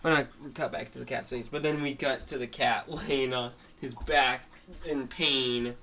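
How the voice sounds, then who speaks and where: Slow, bright-voiced rambling storyteller. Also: mid-range voice, fairly even intonation. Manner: halting, many restarts and fillers. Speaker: storyteller retelling a cartoon episode. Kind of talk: rambling spoken retelling.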